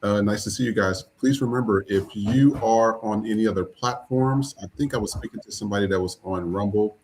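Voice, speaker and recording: A man's voice: fairly low pitch, brisk, darkish tone, slight background noise, rough recording. A man hosting a live podcast, chatting casually with many fillers and restarts. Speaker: podcast host. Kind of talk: casual live-stream chat.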